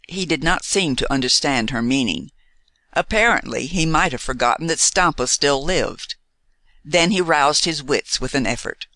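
Bright, animated novel narrator; measured and expressive, close dry mic. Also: medium pitch, dry recording. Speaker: audiobook narrator.

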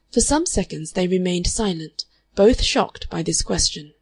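A woman's voice: lowish voice, animated, measured pace, few pauses, breathy edge, no room sound. Woman narrating a novel, dry sound. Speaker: audiobook narrator. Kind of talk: scripted narration of a classic novel.

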